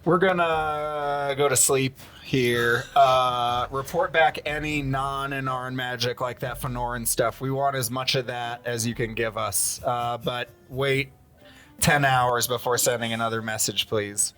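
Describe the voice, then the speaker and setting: A man's voice: mid-range voice, fairly even intonation, measured pace, a bit bright, soft background music. Joking man at a game table. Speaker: player. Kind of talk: casual tabletop game play.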